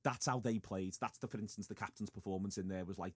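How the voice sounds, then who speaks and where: A fast-talking man hosts a football podcast. His voice sits low, and the studio sound is dry. He speaks in animated bursts full of restarts. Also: slightly rough, no room sound. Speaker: podcast host.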